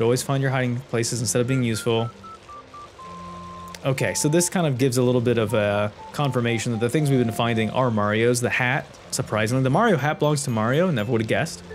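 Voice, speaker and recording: A man who hosts a gaming channel, giving joking, sarcastic let's play commentary. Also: mid-range voice. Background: game music.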